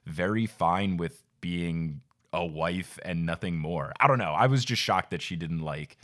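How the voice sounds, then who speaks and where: A man hosting a podcast, talking casually about a book, animated and laughing often. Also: low-pitched, measured pace. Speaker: podcast host.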